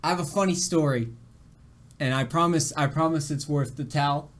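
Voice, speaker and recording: A man's voice: on the high side, normal speed. A young man streaming games, his voice shaky after crying, telling a rambling story to his chat with laughs and restarts. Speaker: game streamer. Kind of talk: casual storytelling to a live chat.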